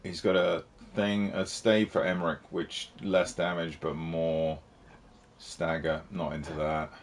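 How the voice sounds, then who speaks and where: A man's voice: deep voice, flat delivery, a little slow. A man streaming a game, chatting casually in a playful, jokey, rambling way. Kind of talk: casual gameplay chat.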